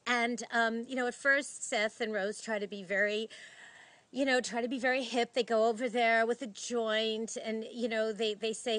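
A woman's voice: a little high, flat delivery, moderate pace, a bit bright, no echo. A woman hosting a film review show, talking in a casual, gushing way with lots of fillers and restarts. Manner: gushing, chatty, rambling with many fillers.

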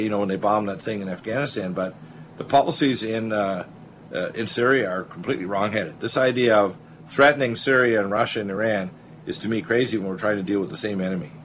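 A man hosting a political talk radio show, talking in a blunt, excitable way and often repeating words as he starts a thought. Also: fairly low pitch, slight background noise, poor audio.

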